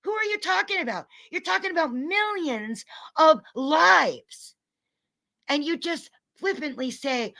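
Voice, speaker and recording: A woman's voice: sits high, expressive, gravelly, pushed and bright. Furious profane woman ranting. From North America. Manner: furious, profane, talks fast in bursts. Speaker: streamer. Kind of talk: angry rant to a live audience.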